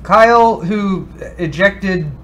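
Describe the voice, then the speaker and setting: A man's voice: high-pitched, slow pace, a bit bright. A man co-hosting a casual tech show, talking loosely with frequent restarts and fillers. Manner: rambling, restarts with many ums and uhs. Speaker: co-host. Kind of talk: casual chat.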